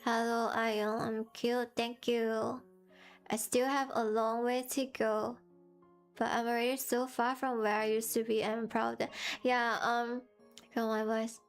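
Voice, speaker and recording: A woman with a slightly high voice chats on a live stream through a sore, strained throat. She gives earnest, encouraging advice in halting, non-native English. Faint music plays underneath. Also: level tone. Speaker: VTuber streamer.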